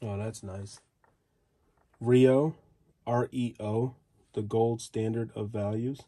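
Mellow-voiced man reading old ads aloud. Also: fairly low pitch, steady tone, takes it slowly. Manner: reads headlines aloud in fragments with offhand asides. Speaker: reseller flipping through old magazine ads.

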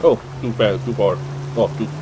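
A man's voice: on the low side, moderate pace, noisy background. A man giving casual gameplay commentary, mumbling to himself and hesitating. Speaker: let's play gamer.

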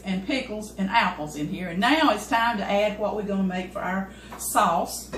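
An older woman with a medium-pitched, somewhat bright voice hosts a home cooking channel, speaking at a moderate pace. She chats folksily with her cameraman while cooking in her home kitchen, a casual demonstration recorded amid echoes and clattering dishes.

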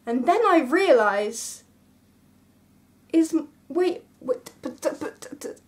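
Young woman vlogger, high voice, casual storyteller, dramatic and animated, talks straight to her viewers. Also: slow, long pauses.

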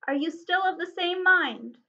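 A woman voicing a steady, resolute man who speaks calmly and firmly. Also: very high-pitched, a little slow, highs cut off, pitched above the performer's own voice, full character voice.

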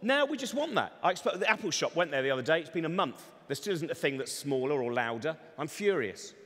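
On stage in a large event hall, a man rambles energetically through a comedy talk, dropping sardonic asides. His voice is on the high side, expressive and a bit bright, and he speaks quickly. The big hall leaves a long reverb.

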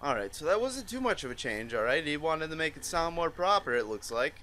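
A man's voice: fairly high pitch, brisk, a little hiss or hum. A man playing a chat-based video game and commenting as he reads the messages aloud, often swearing and laughing. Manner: animated, swearing, laughing, reading lines in mock voices. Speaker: gaming YouTuber. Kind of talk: let's play commentary, reading chat aloud.

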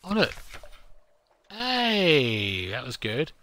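A man's voice: on the high side, huge pitch swings, extremely slow, bright, forceful tone. A man hosting a gameplay video, reading game text aloud with self-deprecating, muttered asides. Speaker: let's play host.

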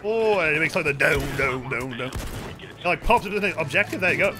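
A man streaming a game, chatting casually with viewers, excitable and swearing freely. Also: on the high side, brisk. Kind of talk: casual gameplay commentary. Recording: game music playing behind.

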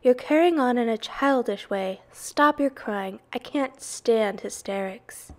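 A woman voicing a calm, brisk female spider in a storybook read-aloud, firm and matter-of-fact. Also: fairly high pitch.

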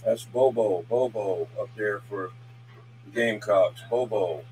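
A man chatting casually and calling out loudly over a CB radio. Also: lowish voice, unhurried, faint music behind, rough recording. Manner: folksy, calls out loudly over the air. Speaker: CB radio operator. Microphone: CB radio handset. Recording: CB radio with loud static.

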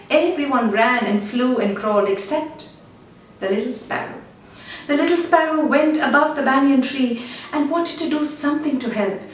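A woman's voice: high voice, slight background noise. Earnest woman narrating in a very echoey room. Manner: earnest, measured storytelling. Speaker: appeal narrator. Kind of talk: storytelling appeal voice-over. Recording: very echoey, distant, with faint music.

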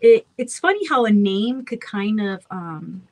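A woman's voice: mid-range voice, big pitch swings, unhurried, no room sound, low-quality recording. A woman in her thirties with a slightly childlike voice, chatting freely with fans at a virtual meet and greet, rambling and apologizing for talking so much. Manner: chatty, warm-hearted, rambling with self-interruptions. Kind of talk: casual chat with fans. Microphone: phone.

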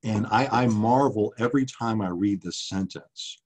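A middle-aged man speaks to an audience in a low, husky voice. He lectures earnestly and with conviction, pausing on frequent ums and uhs as he walks through his slides. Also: a little mellow. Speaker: author giving a public talk.

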